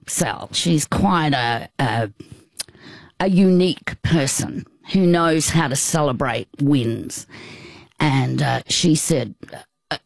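An older Australian woman telling a personal story in conversation, halting, with frequent restarts and asides. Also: low voice, dry recording. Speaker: guest.

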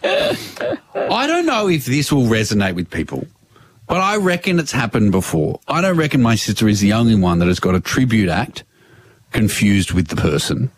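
A man with an Australian accent, hosting radio and telling a story in a laughing, animated way. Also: lowish voice, normal speed, breathy edge, no echo. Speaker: radio host. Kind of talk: casual chat, storytelling.

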